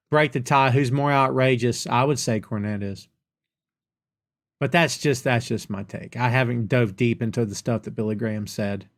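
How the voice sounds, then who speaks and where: A middle-aged man hosting a podcast, reading out viewer questions and answering them with playful sarcasm in a relaxed live chat. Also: mid-range voice. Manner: reads viewer comments aloud and reacts with playful sarcasm. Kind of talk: casual live-stream chat.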